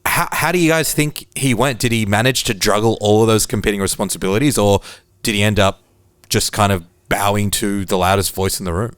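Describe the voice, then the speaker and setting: This is an Australian man hosting a podcast, talking in a low voice. He steers a casual discussion and puts questions to his co-hosts. The sound is close and dry, with no room around it. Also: fairly quick, fairly bright tone, clean tone, no echo. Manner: leads the discussion, asks questions. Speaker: podcast host.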